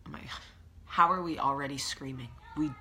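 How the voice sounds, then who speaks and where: A woman's voice: extremely low pitch, moderate pace, sharp tone, slight background noise. A woman with a New Jersey accent hosting a casual morning vlog at home, chatty and emphatic. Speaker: host.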